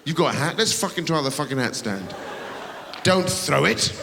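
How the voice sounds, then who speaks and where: A man's voice: a little high, sing-song, moderate pace, gravelly, fairly bright tone. A man doing a brash stand-up comedy set, swearing and teasing the audience in a large theatre. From England. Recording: reverberant theatre with audience noise.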